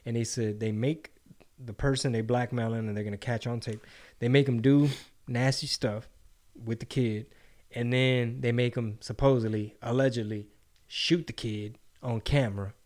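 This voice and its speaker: Profane, animated man on a podcast. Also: mid-range voice, moderate pace. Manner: animated, mocking impressions, slangy. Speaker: podcast co-host. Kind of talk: casual profane chat.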